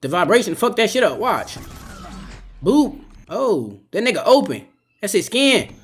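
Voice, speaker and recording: Casual: dude on a phone live stream going off, heated and preachy, lots of cursing. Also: male voice, high voice, big pitch swings, a little slow, a bit bright, husky. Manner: impassioned, profane, preachy. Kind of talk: live stream reaction talk.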